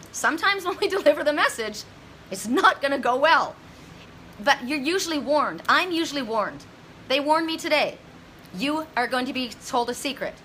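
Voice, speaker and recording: A woman psychic medium speaks to her viewers in a high, bright, sharp voice. She rambles intensely, restarts her sentences often, and acts out the people in her stories. A faint hum sits underneath. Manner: dramatic retelling with voiced quotes. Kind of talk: emotional monologue to viewers.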